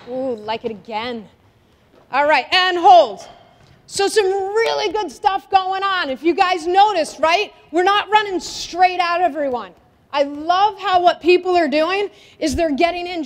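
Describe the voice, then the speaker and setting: A woman soccer coach with a high voice leads players through a defending drill, calling out instructions and asking them questions. Her energetic voice rings with the long reverb of an indoor gym hall. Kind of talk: coaching clinic demonstration.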